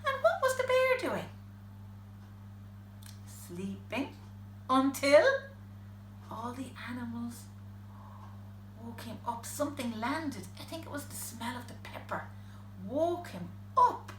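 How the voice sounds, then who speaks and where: A woman reading a picture book aloud to her children, animated, gasping and asking them questions. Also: fairly high pitch, slow pace, long pauses, echoey room, slight background noise. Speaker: parent reading to her boys.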